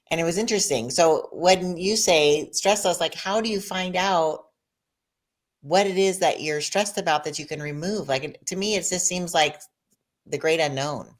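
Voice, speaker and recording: A woman's voice: on the low side, normal speed. A woman hosting an interview show, telling stories animatedly and reacting with enthusiasm. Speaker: podcast host. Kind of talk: interview conversation.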